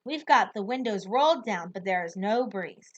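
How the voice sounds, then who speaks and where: A woman reading a novel aloud in the first person, with expressive, lively storytelling. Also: medium pitch, normal speed, highs cut off. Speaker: audiobook narrator.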